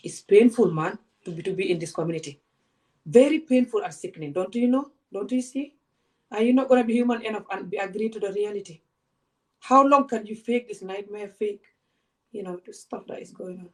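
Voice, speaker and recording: A woman speaks straight to her camera. She is passionate and confrontational and fires off one rhetorical question after another. Her pitch sits in the ordinary middle range for a woman. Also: a little fast. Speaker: vlogger. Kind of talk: direct-to-camera rant.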